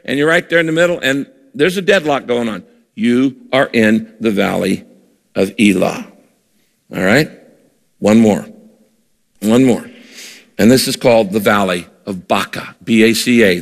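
A man's voice: medium pitch, fairly bright tone. Preaching man in a large reverberant hall. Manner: emphatic preaching, sometimes slows to drive points home. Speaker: pastor. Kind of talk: sermon.

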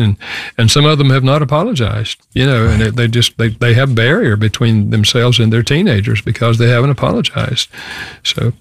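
A man's voice: medium pitch, vocal fry, dry recording, clean studio sound. An older man, a guest author, telling a personal story in an earnest way on a talk show. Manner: earnest storytelling, many restarts. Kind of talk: casual radio talk.

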